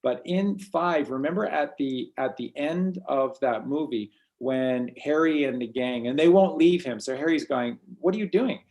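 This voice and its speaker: A man's voice: mid-range voice, measured pace, creaky, hardly any pauses, a little mellow. A man hosting a casual spiritual talk, rambling and often repeating words as he restarts sentences. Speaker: host.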